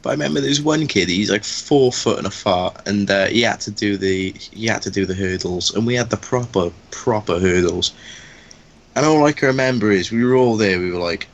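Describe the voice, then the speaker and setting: A man's voice: on the low side, a little fast, highs cut off. A young man telling crude school stories in casual, profane banter. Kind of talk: casual chat while gaming.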